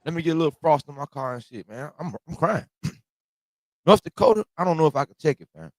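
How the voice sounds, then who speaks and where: A man's voice: on the high side, lively intonation, fairly quick, no room sound. A man hosting a reaction video, talking casually in slang and joking about the cold, getting over a cold. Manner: slangy, laughing, exaggerated complaints. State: has a cold.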